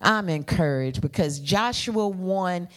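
A woman's voice: on the low side, lively intonation, takes it slowly. Playful woman preaching a sermon. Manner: playful, calls for congregation responses.

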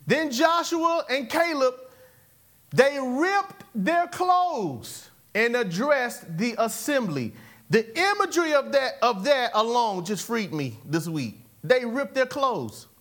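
Very high-voiced preacher man. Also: sing-song, slow, a bit bright. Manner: exhorting, repeats catchphrases, chuckles between points. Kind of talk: sermon with call-and-response.

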